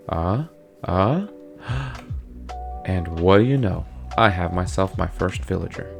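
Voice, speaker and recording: In a deep, gravelly voice, this man speaks slowly but with plenty of animation as he gives chatty let's play commentary. He often talks directly to characters in the game, and faint music can be heard behind him.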